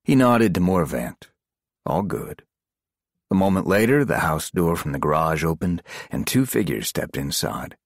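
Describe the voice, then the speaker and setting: Male thriller narrator: husky, expressive, animated delivery. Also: low voice, unhurried, no room sound, clean studio sound. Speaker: audiobook narrator. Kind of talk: scripted narration.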